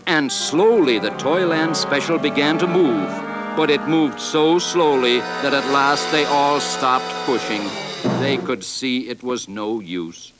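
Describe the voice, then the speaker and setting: A man narrating a children's story in an expressive, animated way on an old 78 RPM record. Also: mid-range voice, unhurried. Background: music.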